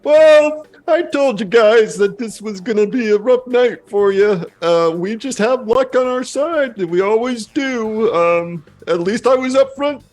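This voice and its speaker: A man voicing a smug, lucky gambler who apologizes falsely, talking high and hesitant with many fillers in a tabletop game. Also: animated, unhurried, hardly any pauses, a little mellow. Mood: smug apologetic.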